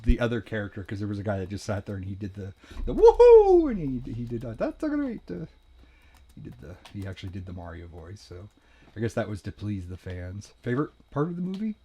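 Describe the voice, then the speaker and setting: A man's voice: lowish voice, expressive, quick pace, darkish tone, husky. Rambling man chatting on a podcast. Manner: rambling, self-correcting, laughs often. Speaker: podcast host. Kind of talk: casual chat.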